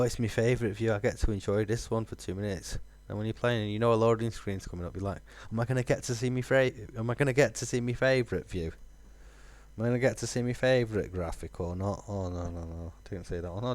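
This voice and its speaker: A man's voice: fairly low pitch, fast, a little mellow. A man, musing aloud with fillers while streaming a game. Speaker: gaming streamer. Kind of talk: casual let's-play commentary.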